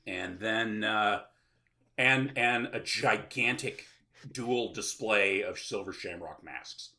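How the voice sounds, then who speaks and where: A man's voice: on the low side, slow pace, sharp tone. A man hosting a podcast, recapping a film plot in casual, sarcastic chat full of filler sounds. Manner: rambling, with many filler sounds and sarcastic asides. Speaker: podcast host.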